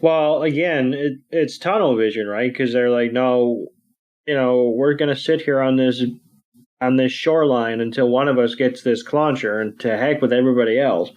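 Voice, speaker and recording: Podcast co-host, mid-pitched man, jokey chat, muffled recording. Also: normal speed, a little mellow. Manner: joking, chiming in with comments. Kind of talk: casual chat. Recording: dull, muffled podcast audio.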